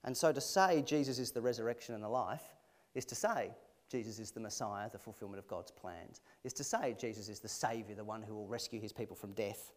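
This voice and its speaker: A man preaching a sermon in a conversational, expressive way, asking his listeners rhetorical questions. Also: lowish voice, a little fast. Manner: expressive, shifting emphasis.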